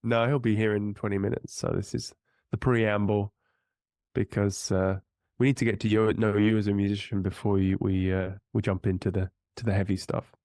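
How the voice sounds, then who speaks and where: Flat-toned male podcast host. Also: on the low side, normal speed, no echo, studio quality. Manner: friendly, hesitant, with fillers. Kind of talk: casual interview chat.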